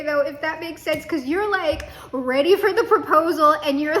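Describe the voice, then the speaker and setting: High-voiced woman giving a casual tarot reading. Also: unhurried, pushed and bright, slight background noise. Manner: chatty, swearing, laughing asides. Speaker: tarot reader.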